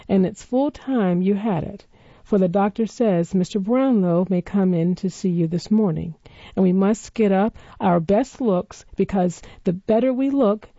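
A woman's voice: mid-range voice, a little slow, mellow, no echo, dull audio. A woman voicing a kindly, bustling old housekeeper in a storybook reading, motherly and fond. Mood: fond, coaxing.

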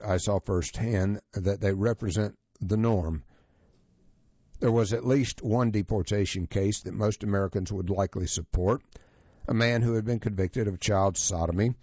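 Low-voiced man reading a feature, lo-fi. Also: no echo. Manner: measured, even reading voice. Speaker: presenter reading a feature article. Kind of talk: scripted narration. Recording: dull, lo-fi, dry sound.

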